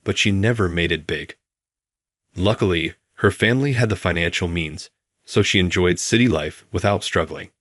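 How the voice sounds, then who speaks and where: Male narrator, very low voice, calm and even delivery, dry close recording. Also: normal speed, dry recording. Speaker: storyteller. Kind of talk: scripted first-person story narration.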